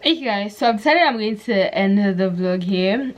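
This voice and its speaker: A woman's voice: mid-range voice, normal speed, few pauses. A young woman chatting to her camera at home in a casual vlog, giggly and self-mocking. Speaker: vlogger. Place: at home indoors.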